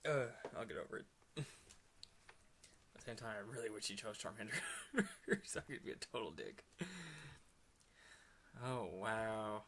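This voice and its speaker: A man giving excitable let's play commentary, laughing often and slipping into whispered asides. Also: on the low side, measured pace, pauses often, slight background noise. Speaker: gamer.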